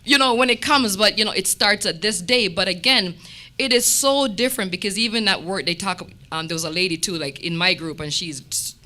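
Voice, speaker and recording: A woman sharing a testimony at a church meeting, telling stories with lively quoted dialogue. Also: mid-range voice, fairly quick. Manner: animated storytelling with quoted dialogue.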